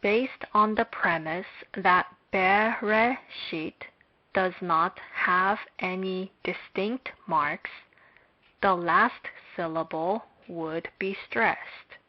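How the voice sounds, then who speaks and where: A woman giving a slow, scripted lecture on Hebrew, speaking in a measured, deliberate way with long pauses. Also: lowish voice. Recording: dull lo-fi recording.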